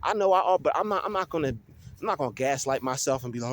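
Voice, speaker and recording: Animated young man ranting on a phone outdoors. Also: fairly high pitch, fast talker, a little hiss or hum. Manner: animated, ranting, repeats and restarts often. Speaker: vlogger. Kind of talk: casual vlog monologue. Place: outdoors in a field. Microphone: phone held while walking.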